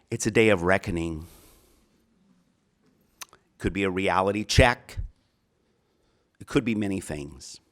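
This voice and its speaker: A middle-aged man with a Minnesota accent, a college counselor giving a chatty, earnest speech to an audience in an auditorium. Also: lowish voice. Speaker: college counselor, keynote speaker.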